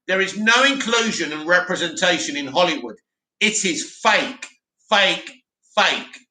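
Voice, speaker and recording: Male stream host, high bright voice, roomy echo, talks fast and opinionated. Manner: animated, opinionated, rambling. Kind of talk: casual live chat reading.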